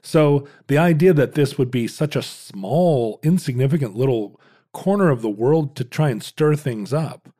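A man's voice: medium pitch, expressive, normal speed, dark tone. A man co-hosting a casual chat, joking and trading wry, mock-serious quips.

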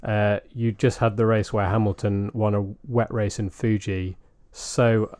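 A man's voice: on the low side, level tone, measured pace, darkish tone, no echo, clean studio sound. A man co-hosting a casual podcast, chatting at length with many fillers. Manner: chatty, recalls details with fillers. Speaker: podcast co-host.

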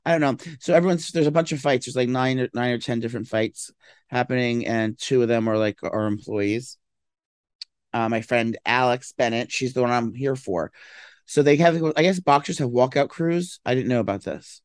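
A man's voice: medium pitch, normal speed, smooth, no room sound. Groggy rambling man, dry close mic. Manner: rambling, filler-heavy, with mock-tough bursts. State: groggy and slow-talking after a late night of drinking. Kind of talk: casual chat.

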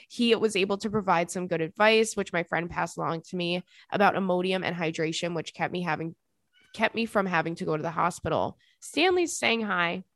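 A young woman hosting a podcast, reading listener emails aloud and reacting with sassy, animated commentary. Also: on the low side, no echo. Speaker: podcast host.

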